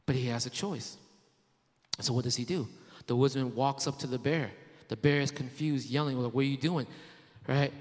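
A man's voice: on the high side, big-room sound. A man preaching a sermon in a conversational way, asking his listeners rhetorical questions and tossing in casual fillers. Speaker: pastor.

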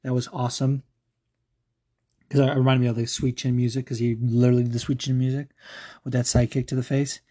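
Mellow-voiced man casually chatting. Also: mid-range voice, little pitch movement, brisk, pauses often. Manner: loose, filler-heavy, profane, enthusiastic. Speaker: podcast host answering fan questions. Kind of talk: casual chat.

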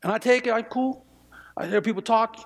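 High gravelly preacher man in a hall. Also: fairly even intonation, brisk. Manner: emphatic, repeats phrases, stammering restarts. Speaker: pastor. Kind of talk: sermon. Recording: long hall reverb.

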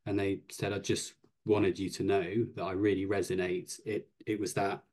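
Man, fairly low voice, casual podcast conversation, reflective, hesitant restarts. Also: flat delivery, normal speed, darkish tone.

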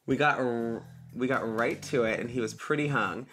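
A woman guest on a podcast, reading a listener's letter aloud and breaking off into loud squeals and asides. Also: extremely low pitch, normal speed, over music.

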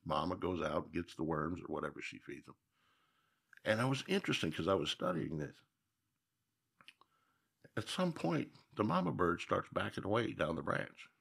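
A man's voice: low-pitched, very animated, normal speed, creaky, long pauses, fairly bright tone, breathy edge. A man from Minnesota, a guest telling stories in a casual interview, reflective and folksy with emphatic repeats.

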